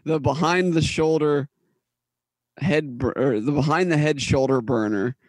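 A man's voice: fairly high pitch, a little slow, no echo. A man co-hosting a casual podcast chat, laughing as he reads things out. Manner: giggly, laughs through his reading. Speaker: podcast co-host.

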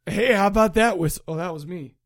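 A high-pitched man riffs through a movie review on his podcast. He rambles, jokes and stumbles over foreign names, his voice dry and close. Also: brisk, vocal fry, dry recording. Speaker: podcast co-host. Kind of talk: casual comedic movie review chat.

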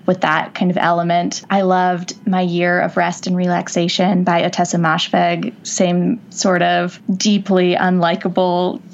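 A woman's voice: on the low side, monotone, measured pace, hardly any pauses, muffled recording. A woman who teaches, a guest on a book podcast, giving thoughtful book recommendations. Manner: thoughtful, earnest. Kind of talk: casual book chat.

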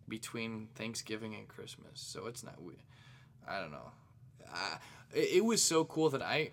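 Rambling, excitable podcast host guy. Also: on the low side, a little hiss or hum. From St. Louis area, Missouri. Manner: rambling and excitable, with jokey asides. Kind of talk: casual solo podcast monologue.

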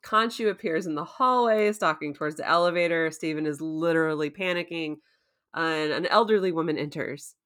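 Bright-voiced chatty woman recapping. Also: deep voice, fairly quick. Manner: chatty, laughs often, storytelling recap. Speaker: podcast co-host recapping a TV episode. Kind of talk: casual chat.

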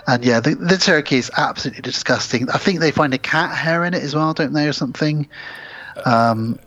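A man co-hosting a podcast speaks briskly in a fairly high, slightly bright voice, casually recapping film scenes in detail and often quoting the characters. The audio is a bit dull, with faint music underneath.

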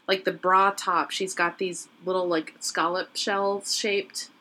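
A woman's voice: fairly low pitch, flat delivery, slow pace, bright, forceful tone. A woman in casual chat, gushing with enthusiasm and playfully quoting others.

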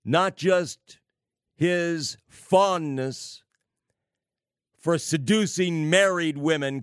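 A man preaching on prophecy, slow and emphatic, with sarcastic asides and wry laughs. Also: fairly high pitch, dry recording, clean studio sound. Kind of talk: prophecy sermon.

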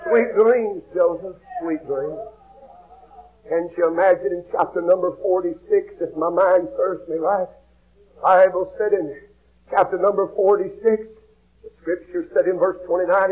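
High-pitched man preaching with fervor; muffled lo-fi recording. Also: moderate pace, husky, some chatter behind. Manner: impassioned, shouting and dropping to a hush, storytelling. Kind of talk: sermon. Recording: muffled lo-fi recording with faint hiss.

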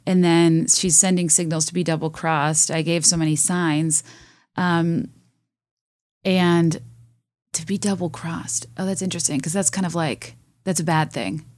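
A young woman with a low, dry-sounding voice talks casually about songs. She muses and hesitates, full of fillers. She reads lyrics aloud between her thoughts. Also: fairly even intonation, unhurried, darkish tone, dry recording. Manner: musing, hesitant, many fillers. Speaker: music vlogger reacting to songs.

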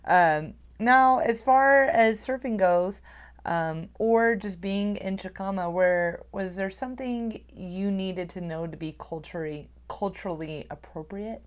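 A woman hosting a podcast, asking her guests questions in a relaxed, upbeat way. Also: mid-range voice, unhurried, clear, resonant tone. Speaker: podcast host. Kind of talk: casual chat.

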